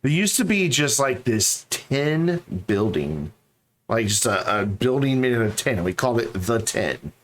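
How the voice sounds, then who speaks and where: A man's voice: medium pitch, sing-song, a little slow, slight background noise. A man streaming a game, chatting casually and rambling to his viewers. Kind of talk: casual live-stream chat.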